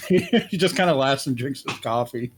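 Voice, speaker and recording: A man's voice: mid-range voice, animated, normal speed, husky. A man playing a tabletop role-play game, talking in and out of character in a crude, rambling way full of laughs and fillers. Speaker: player.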